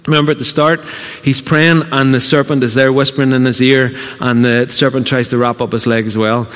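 A man preaching a sermon as a pastor, earnest and emphatic with dramatic pauses. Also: mid-range voice, level tone, fairly bright tone, clear, resonant tone. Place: church auditorium. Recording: long reverb of a church hall.

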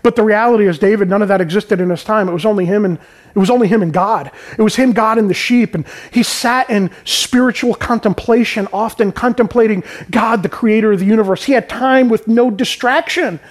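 A man's voice: sits high, fairly quick. A man preaching a conversational sermon who explains scripture in everyday terms and keeps checking in with "right?". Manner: informal, peppered with "right?" and "man".

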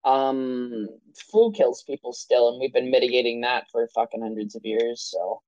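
A woman's voice: rumbling low, normal speed, a little mellow, no echo, muffled recording. A woman co-hosting a casual podcast, ranting in fired-up bursts full of swearing. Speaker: podcast co-host.

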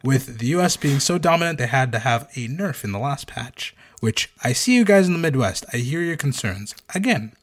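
A man's voice: mid-range voice, lively intonation, normal speed, few pauses. A man hosting a casual podcast, telling stories with jokes and many fillers. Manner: joking, storytelling, many fillers. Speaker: podcast host.

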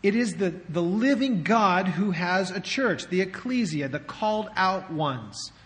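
A man's voice: sits high, animated, measured pace. A man preaching a sermon as pastor, in a conversational way with rhetorical questions, in a church sanctuary. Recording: long hall reverb.

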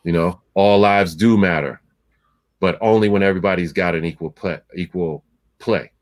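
A man's voice: sits low, moderate pace. A man in casual chat, telling a story bluntly and with profanity, acting out both sides of a conversation.

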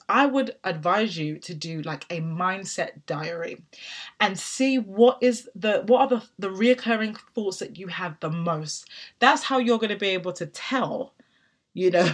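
Woman, thirties, motivational talk, emphatic, preachy, mid pitch. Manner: emphatic, preachy, with rhetorical questions and "right?". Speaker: motivational podcast host.

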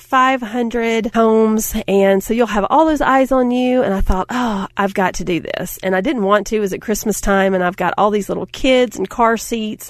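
A middle-aged woman giving a motivational talk, telling stories in an animated way, acting out quotes and laughing often. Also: medium pitch, no echo, clean studio sound. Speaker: speaker.

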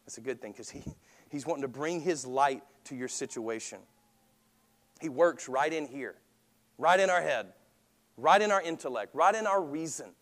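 A man's voice: fairly high pitch, lively intonation, normal speed, long pauses, fairly bright tone, long reverb tail. A man preaching a sermon as pastor, talking conversationally and asking the congregation questions.

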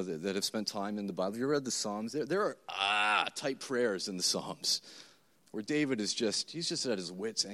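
A man's voice: on the low side, fairly bright tone. A male pastor in his thirties preaching a sermon to his church, talking in a conversational way, repeating words and acting out his own thoughts. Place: church service before a congregation.

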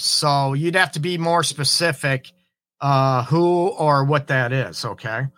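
A middle-aged man, a relationship counselor, hosting an advice talk while hoarse from a cold, earnestly checking in with his listeners. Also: mid-range voice, takes it slowly, a bit bright, dry recording. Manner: earnest, keeps asking "right?" and "okay?". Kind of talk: live-streamed advice talk.

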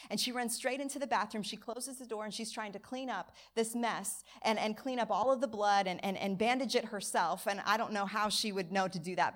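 Woman preaching an animated story sermon. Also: medium pitch. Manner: animated storytelling with acted quotes. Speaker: pastor. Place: church service.

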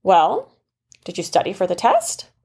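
A woman voicing a gentle, kindly male bunny in a children's bedtime story, soft and soothing. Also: on the low side, huge pitch swings, measured pace, breathy edge, exaggerated voice.

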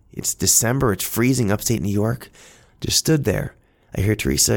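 A man's voice: fairly low pitch, fairly quick, creaky. A man telling a personal story in an earnest, heartfelt, conversational way.

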